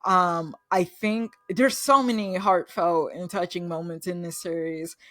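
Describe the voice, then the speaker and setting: A woman's voice: fairly low pitch, fairly even intonation, measured pace, fairly bright tone, no room sound. Gushing woman recapping a TV episode. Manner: gushing, enthusiastic retelling of scenes. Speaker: host recapping a TV series. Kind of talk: casual spoken recap.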